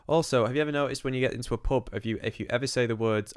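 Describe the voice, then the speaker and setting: A man's voice: mid-range voice, rapid-fire, clean tone, dry recording, clean studio sound. A man co-hosting a casual podcast, talking bluntly with frequent swearing and restarts. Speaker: podcast co-host.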